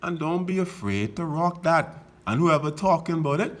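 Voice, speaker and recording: A man's voice: a little high, lively intonation, normal speed. A middle-aged Bahamian man giving a casual motivational monologue, emphatic and repetitive, telling stories as he goes. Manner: emphatic, repetitive exhortations, storytelling. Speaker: vlogger.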